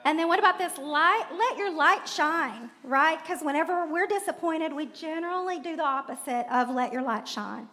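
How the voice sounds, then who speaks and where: A woman's voice: sits high, normal speed, few pauses, bright, forceful tone. A woman preaching a sermon in a church, talking in a chatty way with laughing asides and questions to the congregation. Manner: conversational, laughing asides, audience prompts. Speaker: pastor's wife preaching. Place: church sanctuary. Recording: long hall reverb.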